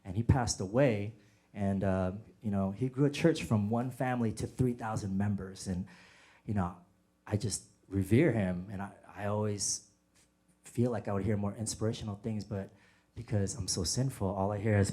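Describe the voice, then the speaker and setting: Animated stand-up comedian on a noisy stage. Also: male voice, on the low side, moderate pace. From United States. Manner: animated storyteller, acts out bits and bursts into shouts. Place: comedy stage with a laughing audience. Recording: noisy live comedy club audio.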